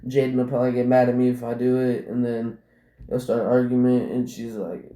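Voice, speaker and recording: Man, casual storytelling, rambling, lots of "like", swears, mid pitch, echoey room. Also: flat delivery, fairly quick, dark tone. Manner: rambling, fills speech with "like" and swearing. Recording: roomy echo.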